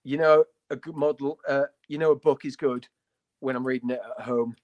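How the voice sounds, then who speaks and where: A man co-hosting a laid-back hobby podcast, his voice sitting at an ordinary middle pitch. He talks with open enthusiasm and blunt, playful humor, riffing through his opinions. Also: fairly even intonation, brisk, a little mellow, highs cut off. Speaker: podcast co-host. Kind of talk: casual hobby podcast chat.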